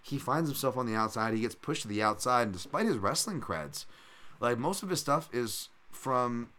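A young man hosting a casual solo fight-breakdown podcast, rambling with lots of fillers and bursting into loud impressions. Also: mid-range voice, lively intonation, normal speed. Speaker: podcast host, MMA analyst.

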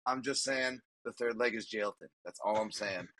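A man's voice: fairly low pitch, normal speed, a bit bright. A man hosting a podcast, chatting casually and rambling with jokes and frequent laughter. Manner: rambling, jokey, laughs often. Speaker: podcast host. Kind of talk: casual sports betting chat.

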